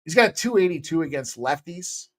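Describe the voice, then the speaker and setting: A man hosting a sports betting picks show, talking casually in a loose, jokey way with bursts of loud excitement. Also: a little high, brisk.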